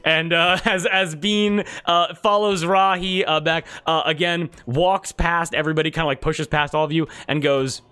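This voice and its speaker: Bright-voiced man narrating a tabletop game. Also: on the high side, steady tone, normal speed, few pauses, smooth. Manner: chatty, many fillers, voices characters in quotes. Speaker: game master.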